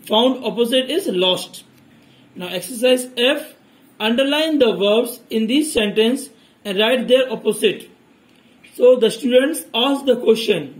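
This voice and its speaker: High-voiced man teaching grammar. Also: poor audio. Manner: steady, methodical explaining. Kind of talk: reading and explaining grammar exercises.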